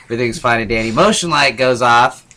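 Bright-voiced man telling a rambling story. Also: medium pitch, fast. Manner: rambling, profane, laughing storyteller. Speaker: podcast co-host. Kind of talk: casual storytelling among friends.

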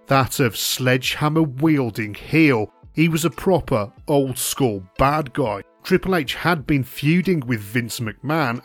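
A man reading a scripted retrospective narration in a steady, even documentary manner. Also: medium pitch.

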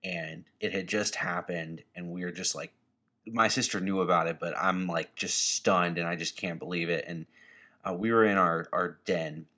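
A man on a podcast telling an animated personal story, swearing casually. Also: low voice, moderate pace.

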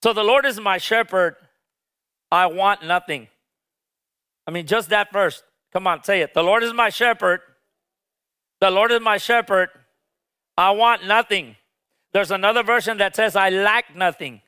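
Male pastor, high clear voice, fervent call-and-response sermon delivery. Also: unhurried, pauses often, sharp tone. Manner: call-and-response preaching, urging the congregation to repeat; passionate, rises to emphatic peaks.

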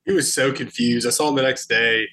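A man's voice: mid-range voice, fairly even intonation, a little fast, bright, forceful tone, a little hiss or hum. A man co-hosting a podcast in casual, teasing conversation. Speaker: podcast co-host. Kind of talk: casual chat.

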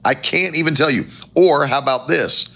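A man preaching a sermon as pastor, with animated, emphatic rising phrases and a gravelly voice. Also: on the high side, normal speed.

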